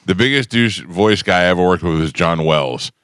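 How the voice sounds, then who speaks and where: A man's voice: sits low, animated, moderate pace, a bit bright, smooth, dry recording. A man co-hosting a radio show, chatting casually in the studio and telling stories about voice-over guys. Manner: storytelling, mimics other voices.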